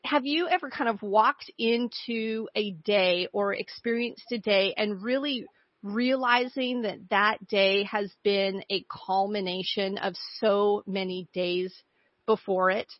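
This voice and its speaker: A woman hosting a faith talk show, speaking gently and posing questions to her co-hosts with soft restarts. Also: medium pitch, steady tone, takes it slowly, no echo. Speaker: podcast host. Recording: slightly muffled dry audio.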